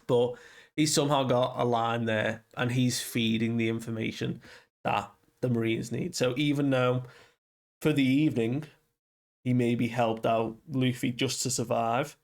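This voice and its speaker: A man's voice: medium pitch, fairly even intonation, a little slow. A young man casually recapping a comic chapter, rambling and loosely quoting characters with lots of fillers. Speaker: manga reviewer.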